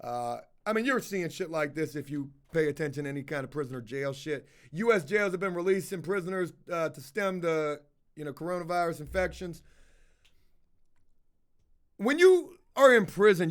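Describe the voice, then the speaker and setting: Casual male streamer, high voice, profane rambling chat-reading commentary. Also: sing-song, moderate pace. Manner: rambling, swears a lot, slips into put-on voices.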